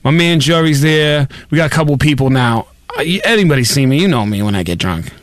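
A man from Boston hosting a casual podcast chat, rowdy and joking, quick to laugh. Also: a little high, expressive, no echo. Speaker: podcast host.

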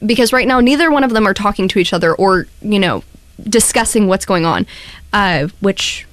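Radio co-host, woman, measured and hedging in a casual debate; mid-pitched, dry studio sound. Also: animated, no room sound. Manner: measured, hedging, cites news articles.

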